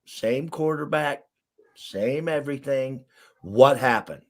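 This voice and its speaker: A middle-aged man from Arkansas, a basketball coach, telling stories as an interview guest in an emphatic, animated way. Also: mid-range voice, slow pace. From Arkansas, USA. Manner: emphatic, animated storyteller who acts out quotes. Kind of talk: storytelling in an interview.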